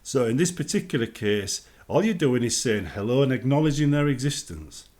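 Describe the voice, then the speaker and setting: Chatty british guy on a gaming vlog, lively voice, acts out little greetings. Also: mid-range voice, fairly quick. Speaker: gaming vlogger. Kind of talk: casual advice talk.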